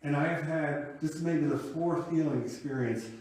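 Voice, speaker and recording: A minister in his fifties speaks in a somewhat high, slightly mellow voice at an ordinary speed. He shares a personal story in his sermon, reflective and conversational, heard distantly in an echoing church hall.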